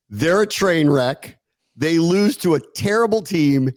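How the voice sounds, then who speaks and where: A man co-hosting a sports podcast, animated and sarcastic, laughing often in casual talk. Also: fairly high pitch, a little slow, dry recording. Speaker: podcast co-host.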